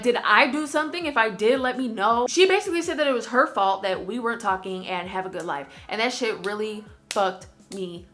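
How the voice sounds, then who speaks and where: Bright-voiced young woman telling a storytime. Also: mid-range voice. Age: 20s. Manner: candid, heavy swearing, animated slang. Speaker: vlogger. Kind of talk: storytime vlog, casual chat.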